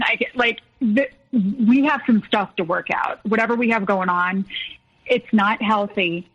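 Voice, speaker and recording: A woman guest recounting a personal story in a hesitant, halting way. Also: mid-range voice, a bit bright, husky, muffled recording. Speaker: podcast guest.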